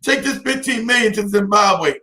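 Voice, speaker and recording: A man's voice: high-pitched, animated, moderate pace, sharp tone. A man from the United States talking as an interview guest, emphatic, repeating himself and laughing between points. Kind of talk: heated interview talk.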